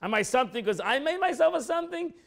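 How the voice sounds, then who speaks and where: High-pitched, animated rabbi teaching a class. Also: male voice, fast talker, creaky. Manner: acts out quoted speech with pitch jumps, repeats phrases.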